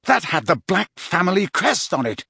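A man's voice: high voice, very animated, normal speed, vocal fry, pushed and bright, slightly rough, no room sound, studio quality, voice pushed up, heavily acted. A man voicing an angry teenage boy wizard who snarls and demands, in an audiobook. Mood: snarling. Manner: snarling, furious. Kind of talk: audiobook character voice.

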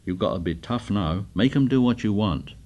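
A man's voice: on the low side, expressive, normal speed, darkish tone, highs cut off. A man reading the part of an anxious, fussy schoolboy who pleads earnestly. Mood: pleading.

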